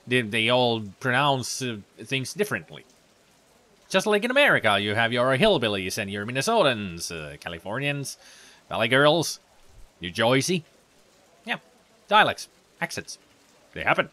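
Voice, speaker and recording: A man's voice: mid-range voice, big pitch swings, moderate pace, long pauses, pushed and bright. A man from Finland, a let's play host giving chatty, rambling gameplay commentary.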